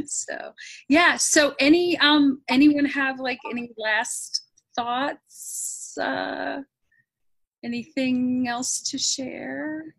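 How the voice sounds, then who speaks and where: A woman's voice: high voice, fairly even intonation, drawn-out words, vocal fry, pauses often, fairly bright tone, dry recording. A woman hosting a casual group video call, laughing often and trailing off with fillers. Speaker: host of group reunion call.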